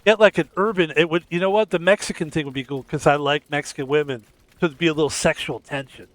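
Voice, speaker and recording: A man's voice: a little high, fairly even intonation, fast, no echo. A man streaming a game, rambling in casual commentary with crude, joking asides.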